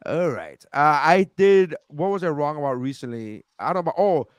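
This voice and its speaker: Animated storytelling man on a podcast. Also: on the high side, moderate pace, smooth, no echo, studio quality. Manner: animated, swears a lot, acts out quotes. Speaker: podcast co-host. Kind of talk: casual chat, storytelling.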